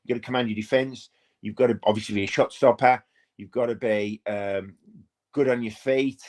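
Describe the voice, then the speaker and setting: Bloke doing a live fan watch-along from home, rambly chat, mid pitch, slips into play-by-play. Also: male voice, normal speed. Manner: chatty, rambling, bursts into excited play-by-play. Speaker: fan channel host.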